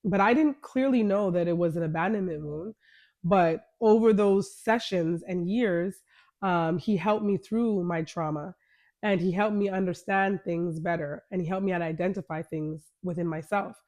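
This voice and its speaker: A woman's voice: lowish voice, normal speed, a little mellow. A woman hosting her podcast, candidly telling a personal story in a conversational way and retelling the dialogue. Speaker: podcast host.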